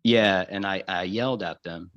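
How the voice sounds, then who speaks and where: Deep-voiced man telling a halting story. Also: fairly bright tone. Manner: halting, full of restarts and quoted dialogue. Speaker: guest. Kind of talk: casual storytelling. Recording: dull lo-fi audio.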